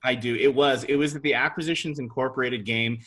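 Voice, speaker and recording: A man's voice: mid-range voice, fairly even intonation, fairly quick, a bit bright. A man co-hosting a casual fan podcast, chatty and enthusiastic. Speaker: podcast co-host.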